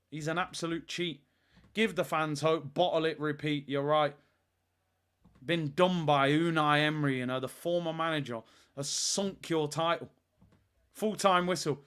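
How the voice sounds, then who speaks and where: Exasperated and bitingly sarcastic, the host of a live football watch-along launches into rants. For a man, he's fairly high-pitched, with a slightly bright sound.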